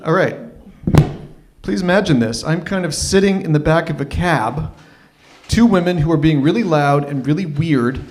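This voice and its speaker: A man from Toronto, telling a story live at an open mic in a wry, animated, self-mocking way. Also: a little high, normal speed. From Toronto, Canada.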